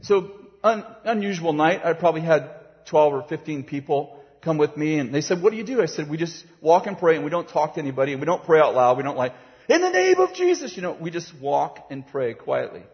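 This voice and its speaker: Animated male preacher in a reverberant hall. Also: fairly high pitch, fairly quick. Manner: animated, acts out voices, laughs while telling. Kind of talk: sermon storytelling. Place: large hall with a platform. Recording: dull, reverberant hall sound.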